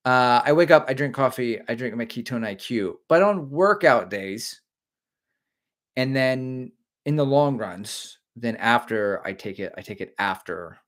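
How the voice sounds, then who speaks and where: A man's voice: mid-range voice, lively intonation, unhurried, fairly bright tone. A middle-aged man hosting a casual live stream, joking and rambling while he reads viewer comments aloud.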